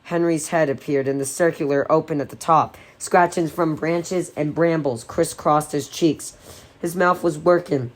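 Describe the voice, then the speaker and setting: Woman, low voice, amateur book reader, stumbles and corrects herself. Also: steady tone, normal speed. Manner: unpolished, with slips and self-corrections. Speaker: audiobook reader. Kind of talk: reading a novel aloud.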